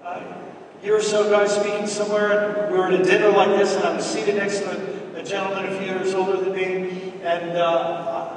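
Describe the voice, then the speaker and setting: A man's voice: sits high, little pitch movement, brisk. Earnest man preaching in an echoey hall. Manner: earnest, storytelling, addresses listeners as brothers and sisters. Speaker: speaker at a church event. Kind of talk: preaching-style talk. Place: large dinner hall. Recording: echoey hall from far off, with noise.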